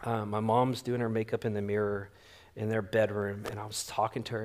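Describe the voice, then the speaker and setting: A man's voice: lowish voice, a little fast, slight background noise. A male pastor, preaching a sermon and telling stories animatedly, acting out the dialogue. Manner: animated storyteller acting out quotes. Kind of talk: sermon with storytelling.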